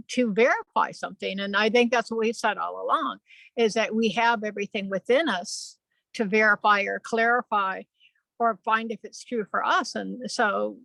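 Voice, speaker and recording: A woman on a video call sharing a spiritual experience, rambling and animated, with playful asides. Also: mid-range voice, vocal fry, no room sound, poor audio. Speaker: spiritual channeler.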